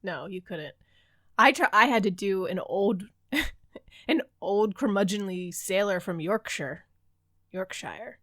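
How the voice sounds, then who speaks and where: A woman co-hosting a book podcast, chatty and quick to laugh. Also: medium pitch, animated, a bit bright, no room sound, clean studio sound. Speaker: podcast co-host. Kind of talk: casual chat.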